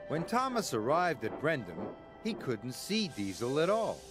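A man narrating a children's story in an expressive storybook style. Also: mid-range voice. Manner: slow, expressive. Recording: music bed underneath. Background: music.

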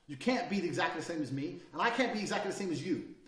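A man in his thirties giving a blunt, profane motivational lecture, forceful and brash as he tells his listeners how to speak and carry themselves. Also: fairly high pitch, lively intonation, fast. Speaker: course instructor. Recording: roomy sound, mic at a distance.

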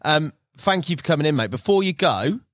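A man's voice: a little high, lively intonation, a little fast, no echo, clean studio sound. Man, podcast host saying "mate". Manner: friendly, calls the guest "mate" constantly. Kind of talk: casual interview.

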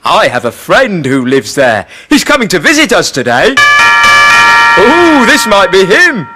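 A man's voice: sits high, wildly swooping pitch, takes it slowly, over loud music. A man presenting a children's TV show, enthusiastic and exclaiming. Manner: enthusiastic, exclaiming, sings along.

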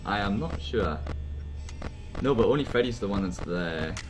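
A man hosting a horror game let's play, jumpy and excitable, talking to himself and to the game's characters and swearing when scared. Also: on the low side, moderate pace, music in the background. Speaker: gaming channel host.

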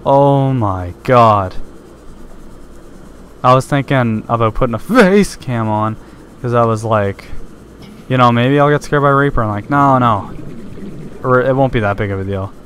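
A man's voice: mid-range voice, unhurried, pauses often, fairly bright tone, a little hiss or hum. A man giving let's-play commentary while playing a game, nervous and easily startled, breaking into screams when scared. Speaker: gameplay commentator.

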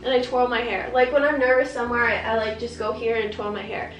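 A woman's voice: fairly even intonation, fast, soft background music. A young woman telling the story of a bad haircut, close to tears and frustrated, acting out both sides of the conversation. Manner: tearful, frustrated, quotes herself and the hairdresser in higher voices. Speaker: vlogger. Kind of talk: emotional storytime rant. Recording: echoey room.

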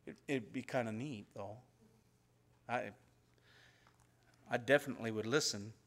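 A pastor telling Bible stories in a conversational sermon and acting out the dialogue. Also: male voice, mid-range voice, a little slow. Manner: conversational storytelling, acts out biblical dialogue. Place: church.

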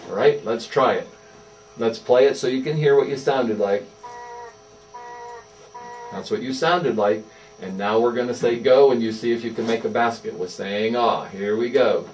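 In an indoor therapy room, a speech therapist with a medium-pitched, darkish voice works on voice exercises with a young child, praising in a sing-song, encouraging way. She talks at normal speed but leaves long pauses, and faint music plays behind. The distant mic also catches a faint mains hum.

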